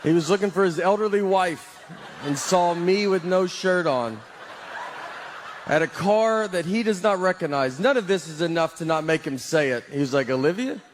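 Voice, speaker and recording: A man with a Southern US accent doing a stand-up comedy set, telling stories in a slow, deadpan way with trailing pauses. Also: high voice. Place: comedy stage with live audience. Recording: noisy live audience recording.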